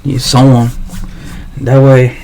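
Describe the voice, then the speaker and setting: A man's voice: medium pitch, monotone, slow pace, creaky, noisy background. A man livestreaming a rambling, slangy monologue full of swearing and restarts.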